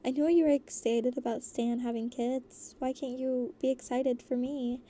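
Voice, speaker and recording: Cheerful teasing young woman in a storybook, read by a woman, warm and fairly high. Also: steady tone, normal speed, slight background noise, natural voice. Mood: playful.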